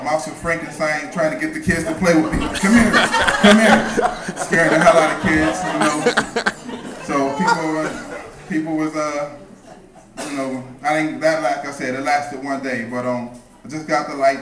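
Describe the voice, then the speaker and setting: A young man doing a stand-up comedy set, telling stories in a laid-back, deadpan way. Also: fairly high pitch, normal speed. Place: comedy club with a live audience. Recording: roomy club sound from a distance, crowd laughter. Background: audience laughing.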